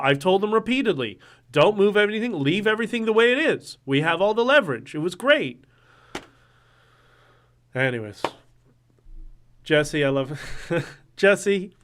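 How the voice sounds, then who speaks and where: A man hosting a casual livestream, talking in an animated, ranting way and swearing now and then. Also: on the high side. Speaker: livestream host.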